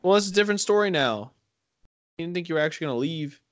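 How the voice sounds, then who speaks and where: A man's voice: a little high, expressive, fast talker, no room sound. A man in casual chat with friends, joking and mock-threatening, from a rural area.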